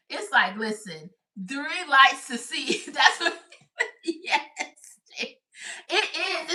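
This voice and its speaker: A woman hosts a relaxed crochet livestream, talking straight to her viewers and reading their comments aloud. Her voice sits a little high and comes across bright and forward. She chats freely and laughs easily. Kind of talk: casual livestream chat.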